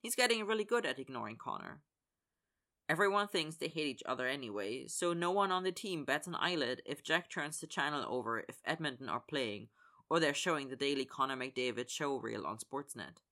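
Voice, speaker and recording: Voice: medium pitch, pushed and bright. A narrator reading a story aloud and voicing the characters' dialogue. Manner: acts out characters' lines in dialogue. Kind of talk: fan fiction audiobook reading.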